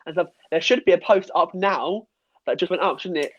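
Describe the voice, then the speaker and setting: A man's voice: high voice, fairly quick, a bit bright, breathy edge, highs cut off. A man, a guest podcaster on a video call, chatty and promoting his show. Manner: chatty, plugs own show. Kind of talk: casual live-stream chat.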